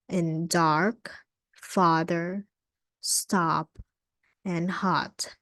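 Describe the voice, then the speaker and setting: A woman teaching English vowel sounds in a slow, patient lesson, repeating each sound and saying "okay" often. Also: lowish voice, darkish tone, no room sound, studio quality.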